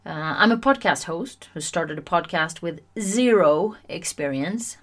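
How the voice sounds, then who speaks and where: Lower-pitched woman hosting her own self-help podcast; talks chattily and laughs at herself. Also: a little slow. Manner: chatty, self-mocking and animated. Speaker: podcast host.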